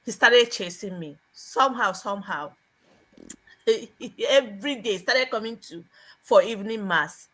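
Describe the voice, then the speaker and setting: A woman's voice: mid-range voice, lively intonation, measured pace, a bit bright, rough recording. A woman from Nigeria, a panelist on a live show, telling a personal story expressively and laughing along the way. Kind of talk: casual storytelling.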